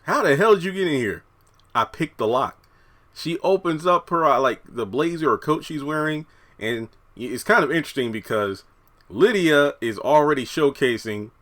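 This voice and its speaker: A man's voice: medium pitch, pushed and bright. Rambling, slightly breathless man reviewer. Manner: rambling, conversational, many fillers. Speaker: TV review YouTuber. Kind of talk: casual commentary. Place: hot room at home, fans off.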